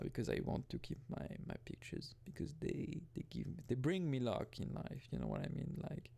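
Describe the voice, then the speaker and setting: Young man gamer, rambling and self-interrupting, gravelly fry, mid pitch. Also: warm tone. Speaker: gaming video host. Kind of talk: casual gameplay commentary.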